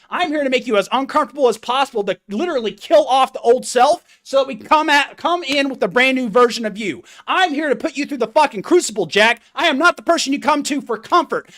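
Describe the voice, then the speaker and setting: A man's voice: very high voice, lively intonation, fast talker, hardly any pauses, sharp tone. A fitness coach delivering a blunt, profane, confrontational motivational rant straight to his viewers.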